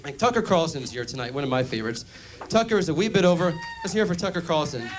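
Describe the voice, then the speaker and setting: A man performing a stand-up comedy routine on a club stage, delivering deadpan jokes and playing mock call-in phone bits. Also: fairly high pitch, fast, slight background noise.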